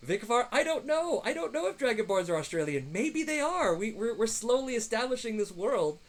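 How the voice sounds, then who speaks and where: A man's voice: very high-pitched, very animated, brisk, low-quality recording. A man running a tabletop game on a livestream, narrating with frequent fillers and restarts. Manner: rambling, lots of fillers and restarts. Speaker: game master.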